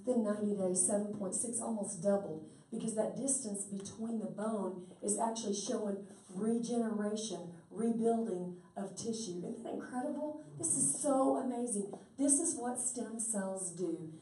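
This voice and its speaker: Woman storyteller, folksy and chatty, mellow tone, picked up from across a roomy space. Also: mid-range voice, normal speed, hardly any pauses, slight background noise. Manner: folksy, chatty, quotes people in dialogue. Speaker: speaker promoting stem cell treatment. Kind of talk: animated storytelling talk. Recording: roomy sound from a distant mic.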